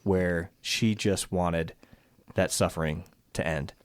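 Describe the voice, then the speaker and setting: A man's voice: low voice, steady tone, takes it slowly, clean tone, dry recording, clean studio sound. A man co-hosting a casual podcast, talking in a reflective, thoughtful way about how the show made him feel.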